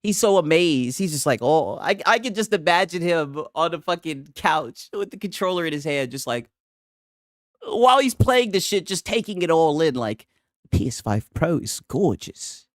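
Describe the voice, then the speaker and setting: A man's voice: a little high, animated, moderate pace, fairly bright tone, dry recording, clean studio sound. A young man ranting in casual commentary, rambling and profane, tagging nearly every line with "right?". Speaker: streamer.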